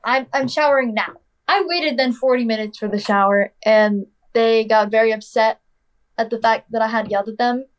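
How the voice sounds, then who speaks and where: A young adult woman tells a personal story in a chatty, casual way, sprinkling in "like" and "literally" and acting out what people said. Her voice is fairly high and clean-toned, and she speaks at a moderate pace.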